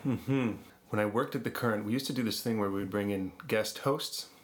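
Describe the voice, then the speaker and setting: A man's voice: fairly low pitch, moderate pace, a little hiss or hum. A man, a podcast producer, telling stories in a conversational interview with frequent laughs. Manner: animated anecdotes with frequent laughs.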